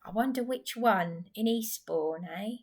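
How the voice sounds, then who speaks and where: A woman's voice: mid-range voice, a little slow, darkish tone. A woman, recounting a story in a rambling, agitated personal vlog. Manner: agitated, rambling retelling with restarts. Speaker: vlogger.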